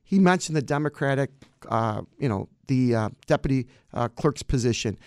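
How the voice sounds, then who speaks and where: A man's voice: medium pitch, expressive, moderate pace, darkish tone, smooth, no echo, clean studio sound. A man, a county clerk answering campaign interview questions in an emphatic, combative way.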